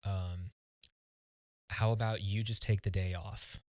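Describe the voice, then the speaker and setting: Man, low voice, dry close sound, earnest halting storytelling, podcast guest. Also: little pitch movement, darkish tone, no echo. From United States. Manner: earnest, halting, often restarting words. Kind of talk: personal storytelling in conversation.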